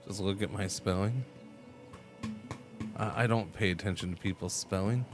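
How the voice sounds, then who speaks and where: Live-streaming a game, a man with a lowish voice chats loosely with his viewers at normal speed. He rambles, stammers and repeats himself while answering messages, with game music clearly audible beneath.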